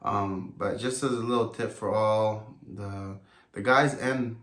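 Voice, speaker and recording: A young man with a lowish voice talks deliberately and pauses on "um" as he gathers his thoughts. He sits back from the mic, so the room's echo wraps around him. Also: fairly even intonation, a bit bright. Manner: deliberate, hesitant with "um". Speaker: vlogger, husband. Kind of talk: casual Q&A chat. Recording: echoey, distant from the mic.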